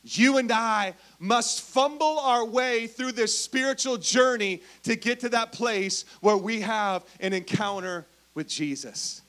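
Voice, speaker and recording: A man preaching a sermon, telling Bible stories with animated emphasis and dropping to a hush, speaking directly to the congregation. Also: extremely high pitch, takes it slowly, hardly any pauses. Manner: animated storytelling, swings from loud emphasis to hushed. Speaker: pastor.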